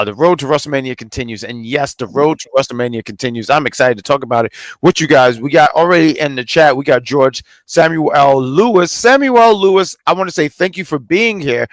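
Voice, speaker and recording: A man hosting a casual podcast, lively and jokey, stumbling over his words now and then. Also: fairly high pitch, dry recording. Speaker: podcast host.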